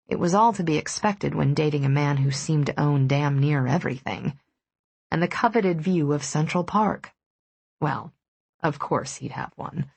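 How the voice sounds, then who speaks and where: Low gravelly woman narrating an audiobook. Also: darkish tone, no room sound. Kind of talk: first-person romance audiobook narration.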